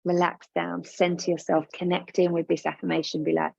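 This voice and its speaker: A woman's voice: on the low side, flat delivery, a little fast, creaky, warm tone, no room sound, dull audio. A woman business coach leading listeners through a guided coaching exercise, soothing and encouraging, often repeating her instructions.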